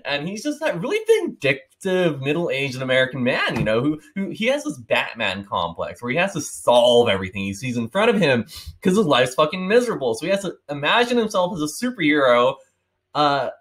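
A young man in his twenties talks through a book in one unbroken take, with loose, rambling, profane chatter. His pitch swings widely as he goes, and he keeps the momentum up rather than stopping to polish. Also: huge pitch swings, brisk, a bit bright. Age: 20s. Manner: rambling, swearing, laughing often. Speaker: book reviewer. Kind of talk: casual one-take monologue.

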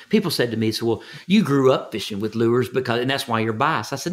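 Fast and with few pauses, an older Texan man speaks in a medium-pitched voice with lively intonation and a Texan accent. He's a fishing guide telling folksy stories in an interview, often repeating words and voicing the people he quotes.

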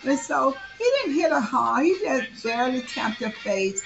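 A woman's voice: sits high, big pitch swings, unhurried, vocal fry, dull audio, background noise. A woman telling a story in a casual, slangy way, acting out the dialogue. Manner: conversational, slangy, acts out dialogue.

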